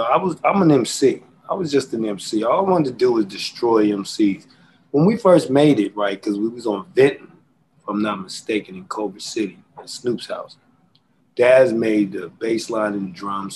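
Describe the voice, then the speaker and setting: A man, a rapper guest, telling stories in a relaxed interview, animated and full of slang. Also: fairly low pitch, slight background noise, poor audio. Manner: animated, acts out quotes and beatboxes; drawn-out slang-heavy delivery. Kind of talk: casual storytelling interview.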